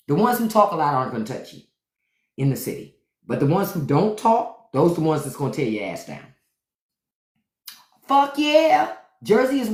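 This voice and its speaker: Low-voiced, animated woman in a roomy space. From Washington, DC. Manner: animated, profane storytelling with acted-out quotes. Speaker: podcast host on a live stream. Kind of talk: casual livestream chat. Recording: roomy echo.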